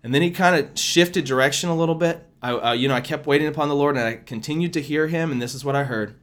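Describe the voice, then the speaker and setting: A man's voice: on the high side, a bit bright. Earnest man preaching a prophetic word. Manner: earnest, prayerful, addresses listeners as y'all; slows and leans harder on words when explaining scripture. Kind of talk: spontaneous sermon and scripture reading.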